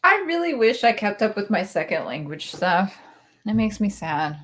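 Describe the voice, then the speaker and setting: A woman's voice: medium pitch, sing-song, moderate pace, a bit bright. A woman chatting casually and playfully as a livestream co-host. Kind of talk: casual chat.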